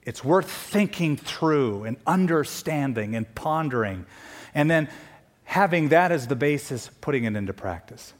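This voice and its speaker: A man with a fairly high voice preaches a sermon to his congregation. He speaks with earnest conviction, pushing some points out in sudden emphatic bursts and slipping in wry jokes between them. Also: lively intonation, a little slow. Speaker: pastor.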